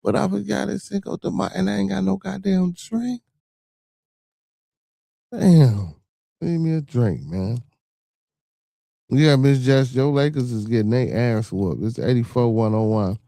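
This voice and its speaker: Unhurried and creaky, with long pauses, this mellow medium-pitched voice belongs to a Chicago-accented podcast host on a live stream. He talks loosely with viewers, cursing freely and repeating "you know what I'm saying"; there's no room sound.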